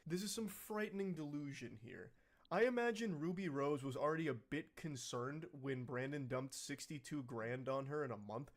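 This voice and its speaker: A man's voice: a little high, moderate pace. Blunt, profane young man commenting. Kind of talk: reaction commentary.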